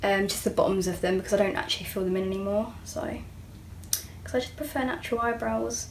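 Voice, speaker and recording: A woman's voice: mid-range voice, quick pace, gravelly, a little hiss or hum. A young woman vlogger talking through a makeup tutorial in a chatty, self-mocking way, sometimes dropping to a near-whisper. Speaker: beauty vlogger. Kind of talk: casual makeup tutorial chat.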